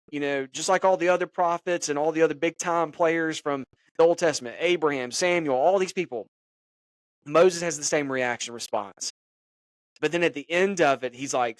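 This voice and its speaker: A man hosting a faith and sports podcast, speaking in a conversational, animated way as he acts out quoted dialogue. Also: medium pitch, normal speed, no room sound. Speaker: podcast host. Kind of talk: devotional podcast monologue.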